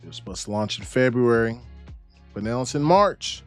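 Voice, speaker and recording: A man co-hosts a casual gaming podcast, his voice rising and falling in a lively way. He swears freely and chats loosely, with faint music playing underneath. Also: mid-range voice, normal speed. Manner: animated, swears freely, reads news aloud. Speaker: podcast co-host.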